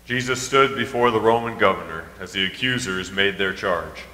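Bright-voiced man reading scripture. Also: fairly low pitch, moderate pace. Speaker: scripture reader. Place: church sanctuary. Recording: echoey church hall from a distance.

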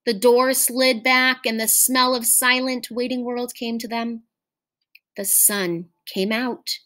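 A woman teacher reading a short story aloud in a measured, expressive storytelling manner. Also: on the high side.

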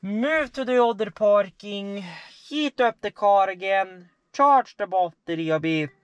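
A man's voice: sits high, a little slow, clean tone, no echo. A tired man streaming himself as he works on his car, chatting casually and swearing a lot as he rambles through what he is doing. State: tired, yawning. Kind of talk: casual livestream chat while doing car repairs.

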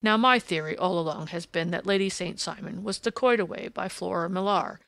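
A woman voicing a stubborn, blustering police inspector from a storybook who argues with bitter insistence. The voice has a gravelly grain and a dry, close sound. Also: lowish voice, a little fast, fairly bright tone, dry recording. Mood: triumphant. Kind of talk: audiobook character reading.

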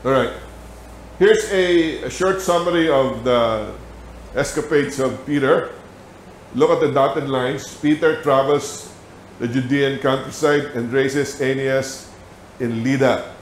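A man's voice: mid-range voice, slow pace, a little hiss or hum. Filipino-accented man teaching in an echoey church. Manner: animated storytelling with laughter. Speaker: Sabbath school teacher. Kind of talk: church Bible lesson. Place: church hall.

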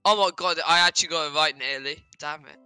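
A man's voice: on the high side, quick pace, pushed and bright, smooth, no echo, soft background music. A man teasing his friend playfully while they play a game together. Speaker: gaming friend. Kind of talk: casual gaming banter.

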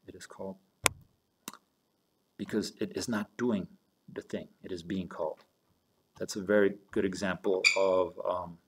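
A man's voice: sits low, background noise. A man teaching a German lesson, explaining step by step and spelling words out as he moves between German and English. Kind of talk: recorded online lesson. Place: home office with a squeaky chair.

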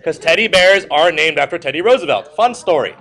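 A man's voice: fairly high pitch, expressive, brisk, a bit bright. A male history teacher giving a classroom lecture. He tells stories with jokes and puts questions to the class. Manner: joking, storytelling, asks the class questions.

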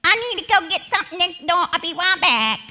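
A woman voicing a chatty female nail salon worker in a high, hurried, sing-song voice. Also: big pitch swings, pushed and bright, full character voice. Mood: breezy.

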